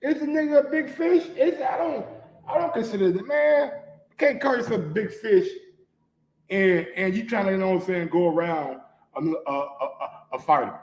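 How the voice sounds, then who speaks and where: High-voiced man ranting in an echoey room. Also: normal speed. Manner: animated, profane, swings from mutters to shouting. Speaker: sports commentary host. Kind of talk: casual ranting commentary.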